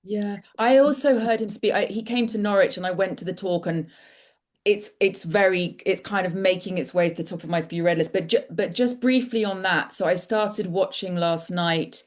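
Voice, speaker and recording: A woman's voice: medium pitch, normal speed. A middle-aged woman author talking casually and enthusiastically at an online book launch, rambling with frequent restarts over a video call.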